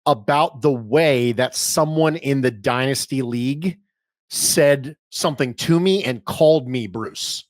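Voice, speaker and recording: A man's voice: medium pitch, no echo, clean studio sound. A man guesting on a podcast, telling stories animatedly with speech and emphatic repetition. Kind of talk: casual podcast interview.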